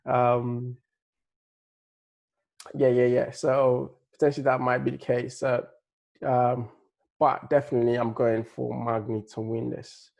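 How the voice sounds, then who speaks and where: A fight analyst with a light Nigerian-tinged accent rambles easily through his picks for upcoming fights, full of fillers and restarts. His medium-pitched, a little mellow voice has vocal fry and little pitch movement, a bit slow with frequent pauses.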